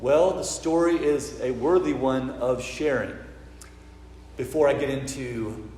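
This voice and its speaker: A man from the American South with a Southern accent, a priest giving a sermon and telling stories with lively quoted voices. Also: mid-range voice, unhurried, slight background noise. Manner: storytelling, animated when acting out quotes. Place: church. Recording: roomy church with long reverb, faint ambience.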